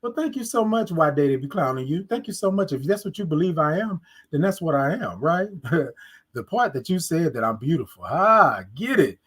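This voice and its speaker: A woman's voice: sits low, big pitch swings, moderate pace, breathy edge. A woman hosting a podcast, telling a personal story in a casual monologue, acting out both sides of conversations and talking straight to her listeners. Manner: talks straight to listeners, repeats phrases for emphasis. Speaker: podcast host.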